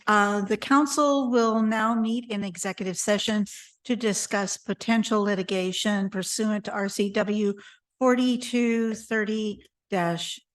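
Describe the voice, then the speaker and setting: A hoarse woman who is losing her voice chairs a city council meeting from the chamber. She reads out the procedural wording at a slow, deliberate pace, in a voice of middle pitch. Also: far from the mic. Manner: deliberate, reads out legal citations.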